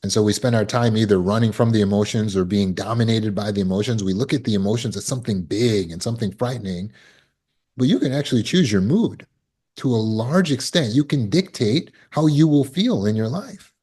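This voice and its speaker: A man's voice: on the low side, fairly quick, darkish tone, breathy edge. A man coaching on trauma recovery in a casual talk, telling stories and acting out quoted people with big jumps in his voice.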